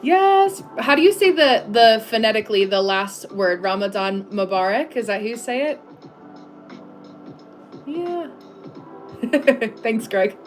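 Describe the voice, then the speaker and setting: With a slightly high, animated voice, she speaks slowly and leaves long pauses while faint music plays. She's a livestream host from the United States, chatting casually with viewers from her home desk, peppering her speech with "like" and laughing often.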